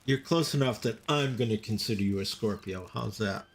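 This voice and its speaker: A man's voice: on the low side, a little fast, slight background noise. A man in his fifties, a game streamer chatting casually with viewers in chat while he plays. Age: 50s. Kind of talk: casual live-stream chat over gameplay.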